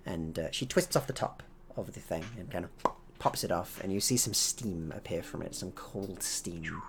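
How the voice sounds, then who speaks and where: A man narrating a tabletop horror game as game master, relaxed and hesitant with many fillers. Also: sits low, moderate pace, heavy background noise.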